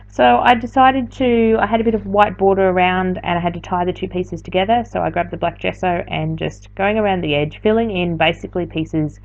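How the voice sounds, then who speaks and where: A tired woman with a lowish, slightly mellow voice talks casually over a late-night craft tutorial. She's an art journaling teacher who rambles and corrects herself as she goes, and the recording has a slightly dull lo-fi sound.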